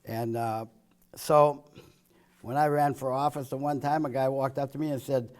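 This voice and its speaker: A man giving a political speech full of jokes and one-liners, chuckling at his own punchlines and swinging between loud quips and low, muttered asides. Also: steady tone, moderate pace. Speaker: political speaker. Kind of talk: joke-filled political speech.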